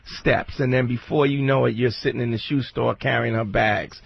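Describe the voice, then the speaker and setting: A man co-hosting a casual advice chat, speaking in a calm, measured way. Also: mid-range voice, creaky, breathy edge, dry recording. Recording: dull lo-fi dry recording.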